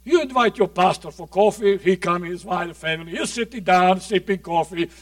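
High-voiced preacher with dramatic swings. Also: male voice, normal speed, no echo, far from the mic. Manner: dramatic, swings from shouts to near-whispers. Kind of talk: sermon.

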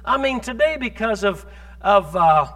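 Male pastor, high-pitched, emphatic sermon delivery, rattles off scripture, quizzes the congregation. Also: lively intonation, bright, forceful tone. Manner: emphatic preaching, rhetorical questions to the congregation, quick scripture quotes.

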